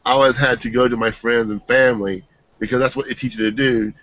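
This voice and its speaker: A man giving an earnest, emotional personal testimonial, halting and restarting as he speaks. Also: mid-range voice, fairly even intonation, fairly bright tone, no room sound. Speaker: team member giving a testimonial. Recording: dull, dry lo-fi sound.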